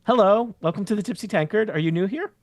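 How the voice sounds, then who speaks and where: A man's voice: high voice, fast talker, no room sound, clean studio sound, voice pushed up. A man putting on a chirpy young barmaid. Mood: welcoming. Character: cheerful young woman tavern bartender.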